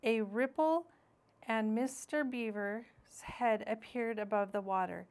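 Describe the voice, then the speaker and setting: Woman narrator, unhurried, clear, children's audiobook. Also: medium pitch, steady tone. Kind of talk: audiobook reading.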